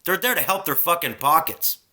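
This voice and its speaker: A man delivering a heated, profane spiritual rant straight to camera. His voice is bright and forceful, and its pitch swings widely as he preaches. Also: expressive, a little fast.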